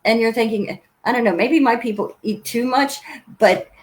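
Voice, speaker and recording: Woman host, chatty and quick to laugh, relaxed interview talk. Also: a little high, a little hiss or hum, poor audio. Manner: chatty, laughs often, warm praise. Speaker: podcast host interviewing authors. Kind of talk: casual chat.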